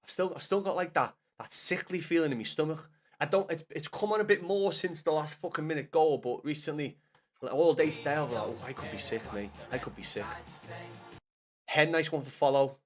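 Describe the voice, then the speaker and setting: A man's voice: a little high, brisk, faint music behind. A man in his thirties with a Scouse accent, hungover and rambling, chatting casually to his stream viewers with lots of swearing and restarts. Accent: Liverpool Scouse. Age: 30s.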